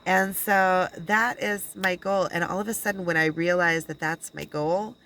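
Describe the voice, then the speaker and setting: Rambling low-voiced woman talking to camera. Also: steady tone, fairly bright tone, rough recording. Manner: rambling, halting, with many restarts and quoted dialogue. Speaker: spiritual channeler and video blogger. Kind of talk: casual personal monologue.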